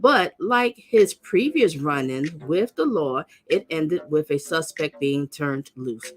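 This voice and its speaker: A middle-aged New woman with a fairly low voice reads crime news aloud in a casual way. She stumbles and corrects herself, and she stops now and then for blunt, scornful remarks that jump up high. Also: animated, unhurried, few pauses. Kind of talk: casual reading of news with commentary.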